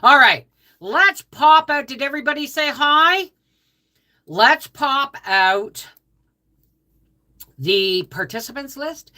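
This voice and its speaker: A woman's voice: high voice, animated, takes it slowly, pauses often, sharp tone. A Canadian woman hosting a casual homestead livestream, greeting viewers by name in a chatty way, just out of bed. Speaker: livestream host.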